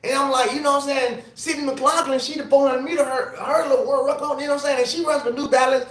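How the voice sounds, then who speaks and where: Tipsy male livestream host, very high voice, rambling and profane, echoey hotel room. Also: fast talker. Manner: animated, rambling, profane venting. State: tipsy from drinking. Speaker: livestream host and former sprinter. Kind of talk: casual livestream rant.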